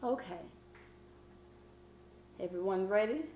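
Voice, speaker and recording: A woman teacher leading a vocabulary lesson, patient and encouraging, reading clues out slowly. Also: medium pitch, dark tone, roomy sound, a little hiss or hum. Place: classroom.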